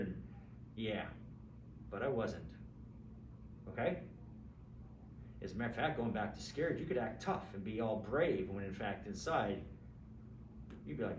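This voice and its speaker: A man teaching an introductory philosophy class in a conversational, lively way, acting out examples and checking in with students. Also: medium pitch, normal speed, long pauses. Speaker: philosophy lecturer. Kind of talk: classroom lecture. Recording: roomy, distant mic with faint background hum.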